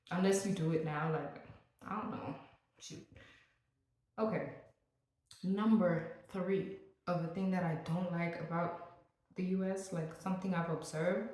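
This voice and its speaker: A woman's voice: lowish voice, measured pace, long pauses. Chatty woman vlogger in an echoey room. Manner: chatty and joking, with playful asides. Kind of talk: casual vlog rant.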